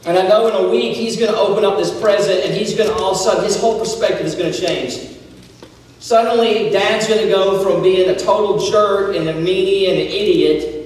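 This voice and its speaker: A man in his thirties addresses a young audience in a casual, joking storytelling style, with a fairly high pitch for a man. He teases himself and slips into the voices of people in his story. He is heard from a distance in a large, echoey hall with a long reverb and faint noise behind. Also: fairly quick, a little mellow. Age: 30s. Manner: self-deprecating humor, acts out dialogue. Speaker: speaker addressing high school students. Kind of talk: casual storytelling talk with a life lesson.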